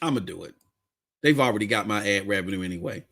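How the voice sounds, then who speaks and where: A man's voice: on the low side, animated, fast, vocal fry, fairly bright tone. A man with a Southern US accent, hosting a podcast and ranting in blunt, fiery, slangy commentary. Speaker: podcast host. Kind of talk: heated commentary rant.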